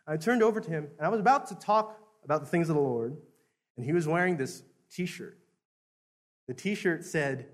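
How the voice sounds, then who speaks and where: A man's voice: fairly high pitch, lively intonation, fairly quick, fairly bright tone. A Baptist preacher telling a story in a sermon, often chuckling and repeating words as he goes.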